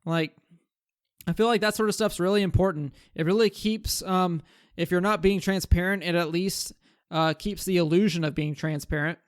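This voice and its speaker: This gaming content creator speaks at normal speed in a high-pitched voice with fairly even intonation and a clean tone. Recorded in studio quality with no echo, he rambles about desired game changes, thinking aloud with fillers and restarts.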